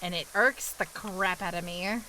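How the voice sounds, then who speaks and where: Bright-voiced New York woman streamer. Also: fairly low pitch, moderate pace, slight background noise, poor audio. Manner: chatty, answers viewers' questions. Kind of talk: casual chat with live chat while gaming.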